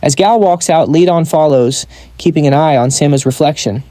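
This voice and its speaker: A man tells a comic-book recap as scripted narration, keeping it brisk and wry with playful asides. His voice sits a little high for a man, soft and mellow in tone. The sound is close and dry, with no room around it. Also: no echo.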